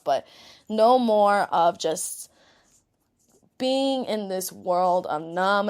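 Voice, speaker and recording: A woman's voice: mid-range voice, a little mellow. A young woman with a New York accent hosting a podcast, giving a candid, rambling pep talk, tired after a day of work and swearing freely. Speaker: podcast host. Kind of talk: casual self-help pep talk.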